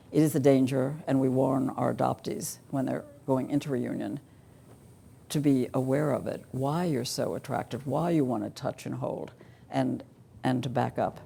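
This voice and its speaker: Older woman, conference lecture, low pitch, gravelly husky voice, dry wry humor. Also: dark tone, slight background noise. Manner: wry, dry humor, reading cartoons aloud. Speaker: conference speaker. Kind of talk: lecture to an audience.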